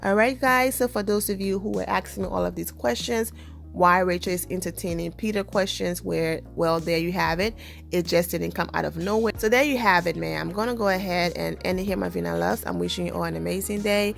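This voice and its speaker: A woman's voice: on the low side, fairly even intonation, fairly quick, gravelly, faint music behind. A woman hosting an entertainment news vlog, reading celebrity news and then chatting casually with upbeat sign-offs.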